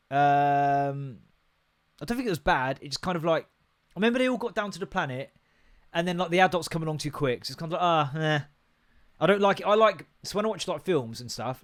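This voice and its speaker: A British man in his thirties hosting a solo podcast, ranting and rambling with heavy swearing. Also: mid-range voice. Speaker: podcast host.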